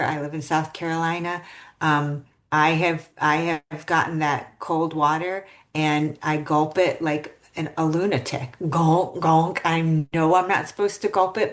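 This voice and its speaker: A woman hosting a podcast interview, reflective and thoughtful in how she talks. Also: deep voice. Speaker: podcast host.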